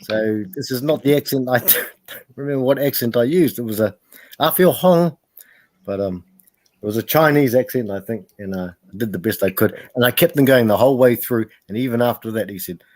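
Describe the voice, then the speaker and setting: A man's voice: mid-range voice, a little fast, a little mellow, dry recording. A man in a casual voice chat, talking in a chatty, self-amused way with stammering starts.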